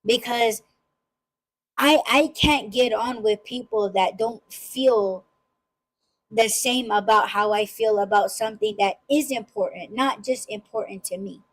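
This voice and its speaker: Emphatic woman host, higher voice. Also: unhurried, poor audio. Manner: emphatic, swearing freely, many repeated restarts. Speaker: podcast host. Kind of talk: casual podcast chat.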